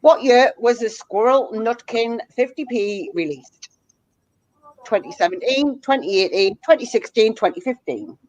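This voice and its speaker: A woman's voice: on the high side, lively intonation, measured pace, darkish tone, dry recording. Woman reading quiz questions, dull dry sound. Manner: reads out answer options in a listing rhythm. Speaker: quiz host.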